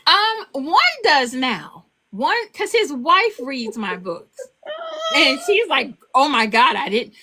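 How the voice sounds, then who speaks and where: An older woman, an author, telling stories on a podcast interview in a casual, animated way, laughing as she goes. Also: takes it slowly, slight background noise. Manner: animated, laughing, acts out quotes in a high child voice. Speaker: author and guest.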